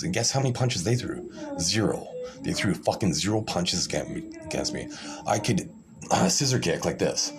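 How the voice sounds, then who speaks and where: A man talking straight to camera in a rambling monologue, boastful, profane and combative, often restarting his phrases. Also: low voice. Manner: repeats himself, restarts phrases. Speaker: video creator.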